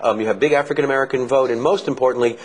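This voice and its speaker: Fast-talking Southern professor, husky voice. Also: male voice, mid-range voice, fairly even intonation, low-quality recording. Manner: measured, analytical, explains with numbers. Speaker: political science professor. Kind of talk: expert answering interview questions.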